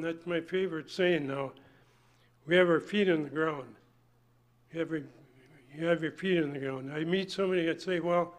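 An older man preaching a folksy sermon, emphatic and swinging between loud points and hushed asides. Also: a little high.

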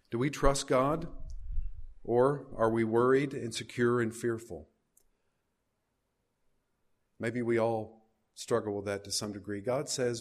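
With a steady, medium-pitched voice, a man preaches slightly slowly. He reads scripture aloud with rising emphasis and puts questions to the congregation.

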